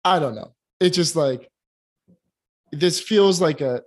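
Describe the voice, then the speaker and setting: A man's voice: a little high, expressive, slow pace. A man co-hosting a casual film review chat, giving candid and critical opinions with plenty of hesitations and restarts. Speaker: podcast co-host reviewing films.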